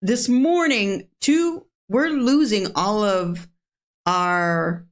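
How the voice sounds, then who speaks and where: A woman in her fifties co-hosting a reaction video, chatting in an animated, chatty way. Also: mid-range voice, drawn-out words. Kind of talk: casual chat.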